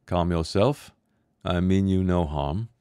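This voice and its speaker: A man voicing a weary, gentle wanderer who speaks calmly and soothingly to a child. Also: deep voice, slow pace, clear, resonant tone, no echo, clean studio sound. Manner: calm, soothing.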